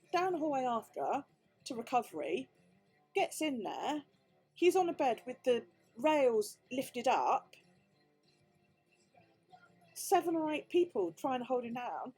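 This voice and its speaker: This British crafting vlogger has a high, slightly rough voice and a British English accent. She tells her story in a casual, chatty way, swearing plenty and acting out the dialogue.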